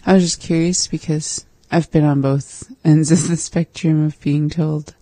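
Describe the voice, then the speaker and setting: A learner in a casual language lesson, softly repeating phrases and asking curious questions, with a breathy voice. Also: medium pitch, level tone, a little slow, no echo.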